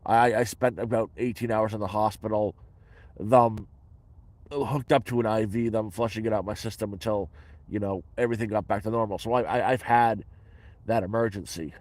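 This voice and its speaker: A Canadian man, a vlogger answering viewer questions from his shelter, talks bluntly and matter-of-factly about his life, swearing at times. His voice is lowish and darkish, with a steady tone, normal speed, and no echo.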